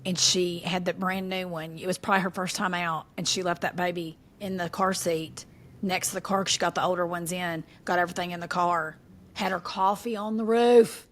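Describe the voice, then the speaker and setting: A middle-aged woman, co-hosting a casual podcast chat, telling animated stories and laughing often. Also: on the low side, fairly quick. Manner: animated storyteller, laughs often, folksy southern phrasing. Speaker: podcast co-host.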